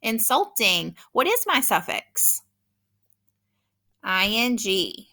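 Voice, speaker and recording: A woman teaching a phonics lesson, patiently sounding out words slowly and clearly. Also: a little high, very animated, pushed and bright. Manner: patient, encouraging.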